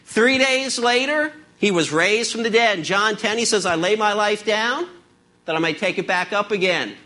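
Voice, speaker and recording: A man preaching a sermon, reading scripture slowly and with emphasis, asking the congregation rhetorical questions. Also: high-pitched, sharp tone.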